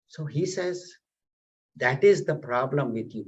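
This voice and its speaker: A man's voice: medium pitch, takes it slowly, long pauses. Man giving a spiritual talk. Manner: explanatory, animated storytelling. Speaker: spiritual teacher. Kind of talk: spiritual discourse with storytelling. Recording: slightly dull, lo-fi audio.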